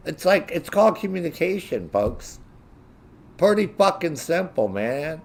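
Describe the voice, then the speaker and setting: On his own show, this host rips into a foul-mouthed, no-nonsense tirade, imitating others by raising his voice. He speaks at normal speed in a fairly high, very animated voice.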